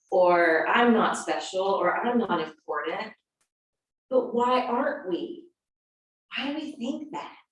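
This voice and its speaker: A woman yoga teacher speaks in an earnest, animated way, first telling a story and then guiding students into a seated posture. Her voice sits at an ordinary pitch for a woman. It rings through a very echoey room and is picked up from some distance away from the mic. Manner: earnest and animated, acting out quotes. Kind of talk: storytelling and guided yoga instruction.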